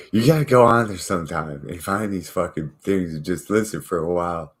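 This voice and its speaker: Man, very deep voice, rambling, profane, mocking, casual vlog rant. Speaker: channel host.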